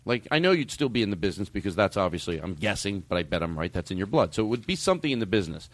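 A man's voice: on the low side, very animated, racing, no echo. A man hosting a podcast in casual chat, joking and rambling with self-mocking asides. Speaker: podcast host.

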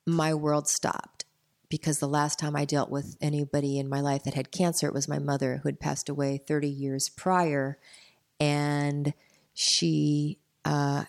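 A middle-aged woman, a gymnastics coach, telling a personal story in an interview in an earnest, reflective way, pausing and repeating words. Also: low-pitched, vocal fry, darkish tone.

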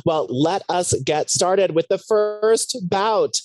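A woman's voice: fairly low pitch, takes it slowly. A woman hosting a casual pop-culture chat, playful and teasing, with mock ring-announcer flourishes. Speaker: podcast host.

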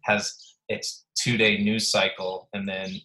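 A man's voice: lowish voice, flat delivery, slow pace, bright, forceful tone, rough recording. A man joining a podcast from his apartment, talking in a laid-back, rambling way with many restarts. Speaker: podcast guest. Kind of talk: casual conversation. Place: apartment at home.

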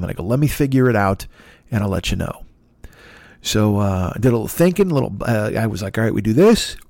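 A man hosting a solo podcast from his dark apartment, telling rambling, profane stories in a casual monologue. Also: medium pitch, no echo, studio quality. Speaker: podcast host.

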